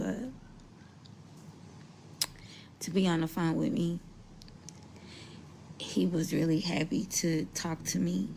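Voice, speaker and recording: A woman speaking slowly and haltingly as she shares news about her son, holding back tears. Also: on the low side, gravelly, darkish tone, slight background noise. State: tearful. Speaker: mother sharing news. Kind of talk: emotional personal account.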